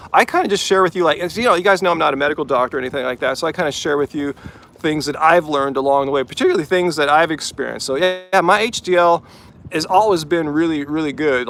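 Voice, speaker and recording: A man's voice: a little high, gravelly, fairly bright tone, a little hiss or hum. A man hosting a casual live-chat Q&A from a vehicle after a run, easygoing and chatty with lots of "like" and "um". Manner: easygoing, chatty, heavy use of "like" and "um". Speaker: host of a live stream.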